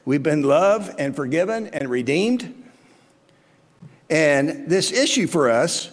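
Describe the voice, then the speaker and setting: High, lively preaching man in reverb. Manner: earnest preaching with rhetorical questions. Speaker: pastor. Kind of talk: sermon.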